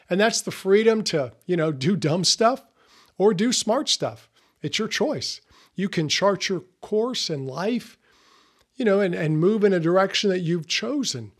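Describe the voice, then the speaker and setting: A man hosting a motivational podcast, talking earnestly in a conversational way. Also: on the high side. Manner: earnest, conversational, with fillers and restarts. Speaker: podcast host.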